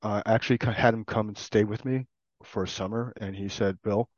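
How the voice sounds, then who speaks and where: A middle-aged man sharing his personal recovery story in an earnest, reflective way, in short halting phrases. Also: fairly low pitch, steady tone, dry recording. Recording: dull, dry recording.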